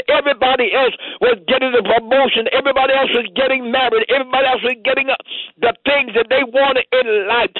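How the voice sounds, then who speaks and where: A man's voice: extremely high pitch, no room sound. A man preaching a sermon, fervent and dropping in amen between phrases, heard over a phone line. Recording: tinny phone-line sound, dry.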